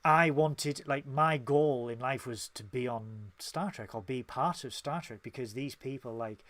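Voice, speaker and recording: A man's voice: mid-range voice, unhurried, a bit bright, dry recording. A man with a Northern English accent, co-hosting a casual podcast and speaking in an impassioned, emphatic way. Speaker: podcast co-host.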